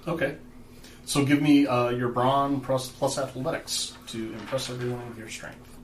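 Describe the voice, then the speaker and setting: A man's voice: medium pitch, level tone, moderate pace. A man running a tabletop game as game master, explaining rules in a loose, filler-heavy way. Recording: roomy, distant, noisy.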